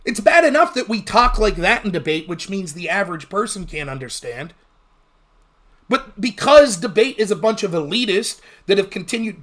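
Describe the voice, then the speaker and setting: Fast-talking high-voiced man host. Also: a bit bright. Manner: fast-talking, blunt and profane. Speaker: livestream host. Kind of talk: casual livestream commentary.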